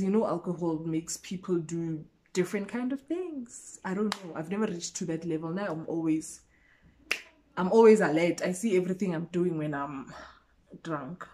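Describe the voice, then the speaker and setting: A young South African woman telling a storytime vlog in a lively way, acting out the exchanges as she goes. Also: on the low side, a little hiss or hum. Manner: animated, code-switching storyteller who acts out each exchange. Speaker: YouTuber.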